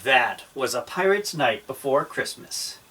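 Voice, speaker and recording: A man's voice: mid-range voice, expressive, measured pace, bright, forceful tone, slightly rough. A man hosting a children's show, reading a picture book aloud as a theatrical pirate captain full of playful pirate slang. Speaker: storybook reader and show host.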